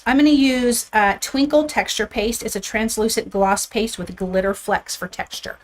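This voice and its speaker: A woman's voice: on the high side, steady tone, normal speed, slight background noise. A woman hosting a live card-making stream, chatting casually and upbeat with her viewers as she shows her supplies, a little out of breath. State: a bit out of breath. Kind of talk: casual live crafting chat.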